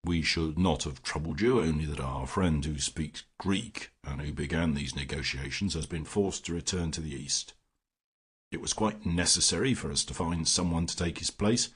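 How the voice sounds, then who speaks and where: A man reading as a sinister, twitchy older male villain who speaks with quiet menace. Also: a bass voice, moderate pace, slightly rough. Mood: coldly menacing.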